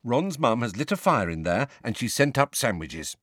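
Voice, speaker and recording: A man voicing a clever, bossy teenage girl who talks briskly and lectures with exasperation. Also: medium pitch, big pitch swings, a bit bright, dry recording, studio quality.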